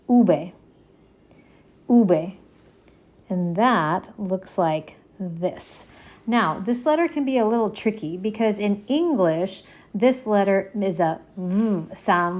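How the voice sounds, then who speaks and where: In a patient, slow-moving lesson, a woman with a slightly mellow, medium-pitched voice goes through the Spanish alphabet. For each letter she says it two times, then breaks down its pronunciation step by step.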